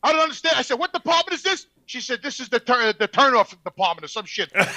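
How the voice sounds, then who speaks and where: A man telling a story on a podcast, profane and excitable. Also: extremely high pitch, quick pace, few pauses, over a noisy crowd. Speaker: podcast regular.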